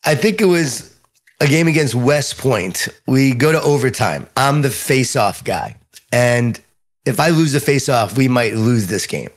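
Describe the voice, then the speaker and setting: A middle-aged man with a Long Island New York accent, a guest author giving lively storytelling answers in an interview. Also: medium pitch, measured pace.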